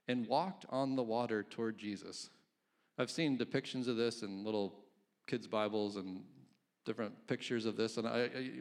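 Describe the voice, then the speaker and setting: A man preaching a casual, conversational sermon, reading scripture aloud and chuckling between points. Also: mid-range voice. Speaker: pastor.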